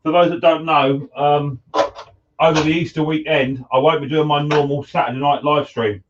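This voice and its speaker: A man's voice: a little high, steady tone, normal speed, highs cut off, background noise. Chatty man, distant workshop mic. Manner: chatty, greets viewers by name, calls them mate and buddy. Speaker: live-stream host, mower repairer. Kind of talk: casual live-stream chat while working. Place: home workshop.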